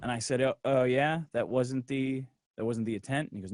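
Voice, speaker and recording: Brief: middle-aged man, brash profane storyteller, mid pitch, dry close sound. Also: a little fast, a little mellow, no echo. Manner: acts out others' lines in a low voice. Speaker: guest. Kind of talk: casual storytelling on a livestream.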